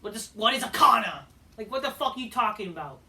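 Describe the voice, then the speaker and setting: A man's voice: sits high, expressive, fast, bright, forceful tone, recorded from a distance. A man ranting through a profane, exasperated video review of a wrestling show.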